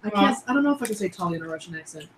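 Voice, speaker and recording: A woman's voice: mid-range voice, animated, rapid-fire, reverberant, a loud crowd, poor audio. A woman running a tabletop game as game master, narrating loosely with plenty of swearing and fillers. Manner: loose, profane, many fillers.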